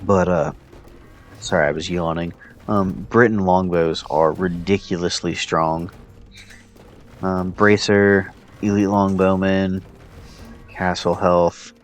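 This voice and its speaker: Male player, deep voice, narrates his own match loosely with ums, faint music underneath. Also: slow pace, pauses often. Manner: relaxed, thinking aloud with fillers. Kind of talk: casual gameplay commentary.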